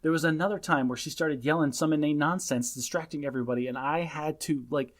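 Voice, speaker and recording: A man's voice: a little high, fast talker. A man in his thirties co-hosting a casual podcast, telling a parenting story in an emphatic, lecturing way. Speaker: podcast co-host.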